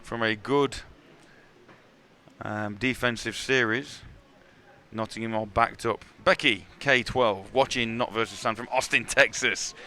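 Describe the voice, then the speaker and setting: A man calling live American football play-by-play, brisk and excitable at big plays. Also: medium pitch. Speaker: play-by-play commentator. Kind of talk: live sports commentary.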